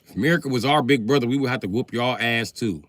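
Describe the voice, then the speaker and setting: A man's voice: mid-range voice, fast, a bit bright. A man hosting a livestream, ranting crudely and loosely in a comedic way. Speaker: livestream host. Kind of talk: profane comedic rant.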